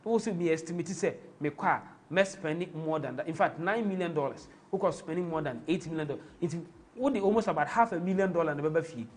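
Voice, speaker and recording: A man with a Ghanaian accent hosts a live football stream, his voice sitting a little high. He talks with passion and rambles from one point to the next, mixing in Twi phrases. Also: quick pace, darkish tone. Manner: impassioned, rambling, switches into Twi. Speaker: host.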